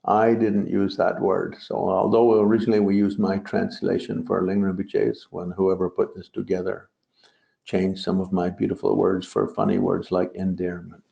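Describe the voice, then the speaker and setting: Deep gravelly man giving a dharma talk. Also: little pitch movement, normal speed, warm tone. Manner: digressive, joking asides. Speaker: Buddhist teacher. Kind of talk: dharma talk on a translated poem. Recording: roomy, dull lo-fi recording.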